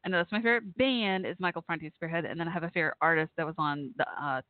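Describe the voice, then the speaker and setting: A woman from Texas hosts a casual call-in radio talk show, chatty and giggly, laughing often and using lots of fillers. Her voice is low and rapid-fire, and the dry recording has a tinny, phone-like sound.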